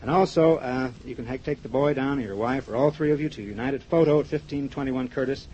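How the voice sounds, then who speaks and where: Quick chatty radio host rattling off sponsors, muffled old broadcast. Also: male voice, mid-range voice, mellow. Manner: brisk, chatty announcer. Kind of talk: live radio show hosting with sponsor reads. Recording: dull 1950s radio broadcast with faint hiss.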